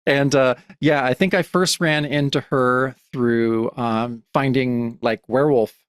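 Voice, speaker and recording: A man's voice: medium pitch, steady tone, unhurried, clean tone, dry recording, studio quality. Rambling male comics podcast co-host. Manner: rambling, with many restarts and fillers. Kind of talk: casual chat about comics.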